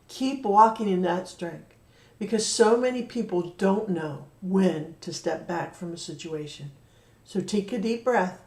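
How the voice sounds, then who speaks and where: A woman giving a spiritual card reading, talking in an earnest, gently encouraging way. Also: fairly low pitch. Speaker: card reader. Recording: roomy echo, voice from a distance.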